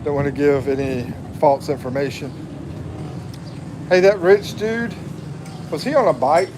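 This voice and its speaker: A slow-talking American man in his fifties chats easily on a livestream and answers viewers one by one. His voice sits a little high for a man, with faint street noise behind him. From USA. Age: 50s. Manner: slow, chatty, reads viewer comments aloud and laughs often. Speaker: livestream host. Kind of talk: casual livestream chat.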